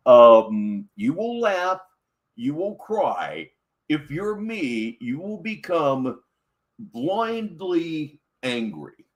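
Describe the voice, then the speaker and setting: A man's voice: fairly high pitch, big pitch swings, drawn-out words. A man hosting a livestream show, introducing a clip with sardonic, mocking asides. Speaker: livestream host. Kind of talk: casual stream commentary.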